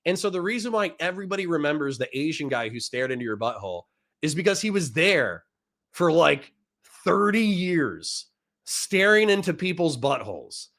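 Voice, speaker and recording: A man's voice: a little high, big pitch swings, normal speed, fairly bright tone. A man, a Marine veteran, telling a rambling, profane story in casual chat and often breaking into laughter.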